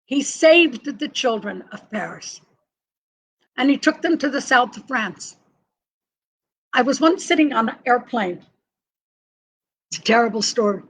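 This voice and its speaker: High-voiced older woman telling a story. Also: expressive, measured pace, long pauses, fairly bright tone, husky, poor audio. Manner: emphatic, vivid family storyteller. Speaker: interviewee. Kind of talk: personal storytelling.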